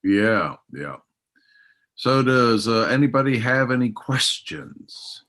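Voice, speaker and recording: A man's voice: medium pitch, big pitch swings, takes it slowly, fairly bright tone. A man hosting and moderating an online forum webinar, talking loosely with many fillers. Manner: loose, rambling, filler-heavy. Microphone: video call.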